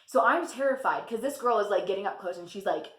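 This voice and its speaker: A woman's voice: medium pitch, animated, fast, a bit bright. Chatty young woman in an echoey room. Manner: chatty, laughs often, lots of fillers. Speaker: vlogger. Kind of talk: casual storytime vlog.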